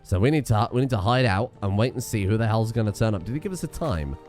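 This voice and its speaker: A British man streaming a game, full of sarcastic asides and casual swearing. His pitch jumps all over the place while he rants, over faint game music. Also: lively intonation, fast talker, a little mellow. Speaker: gaming streamer. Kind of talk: casual let's-play commentary.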